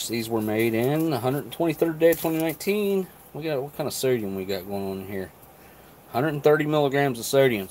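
A man's voice: medium pitch, a little hiss or hum. A man casually reviewing rations on a live stream, thinking aloud between bites. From not Canadian. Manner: relaxed, thinking aloud while eating and chewing. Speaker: food reviewer.

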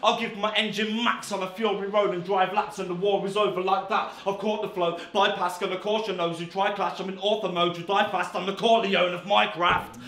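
A man rapping brash, insulting battle verses laced with swearing. His voice is pitched high. The sound carries a roomy echo from the venue. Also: steady tone, brisk, hardly any pauses, a bit bright, slight background noise. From England. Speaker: battle rapper.

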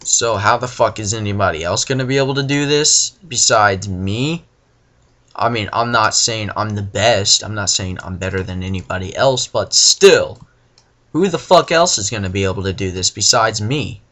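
A young man giving profane, frustrated let's play commentary, ranting and now and then bursting into yells. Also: lowish voice, normal speed. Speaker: gamer.

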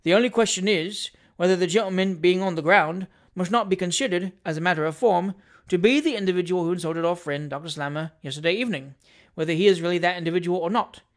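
A pompous, meddling gentleman from a classic novel, as a reader plays him, fussy and self-important. He argues points of form with pedantic indignation. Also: mid-range voice, fast, lightly acted. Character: pompous meddling old-fashioned gentleman second. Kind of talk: audiobook reading of a classic novel.

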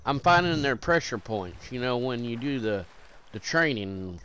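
A man's voice: mid-range voice, animated, measured pace, bright, forceful tone, clean tone, poor audio. A man hosting a comedic chat, rambling and swearing through mock-conspiratorial stories.

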